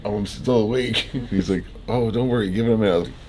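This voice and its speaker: A man's voice: lowish voice, fast talker, a little mellow, a little hiss or hum. A young man groggy after surgery, telling a rambling story in a laid-back way, laughing often and swearing in a hospital room. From Canada. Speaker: fitness vlogger. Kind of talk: casual storytelling.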